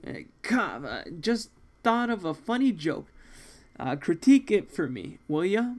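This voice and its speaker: A man voicing a brash, joking assassin in a manga read-along, talking in a loud, rowdy, teasing way. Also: high-pitched, gravelly, heavily acted. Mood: goofy.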